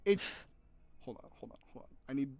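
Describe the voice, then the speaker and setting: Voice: mid-range voice, animated, fairly quick, gravelly, warm tone, no echo. A streamer chatting casually on a live stream, rambling, swearing freely and laughing often.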